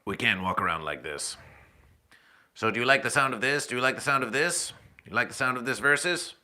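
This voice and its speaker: A man's voice: medium pitch, lively intonation, brisk, pushed and bright. A man hosting a comedy livestream, talking playfully into a new handheld mic and repeating his phrases as a royal "we". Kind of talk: absurdist livestream monologue. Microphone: new handheld microphone.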